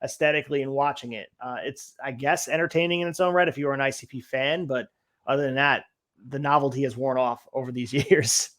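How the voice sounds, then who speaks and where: A man's voice: mid-range voice, steady tone, a little fast, fairly bright tone. A man hosting a podcast, recapping events casually and restarting his sentences while laughing along. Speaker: podcast host. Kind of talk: casual chat.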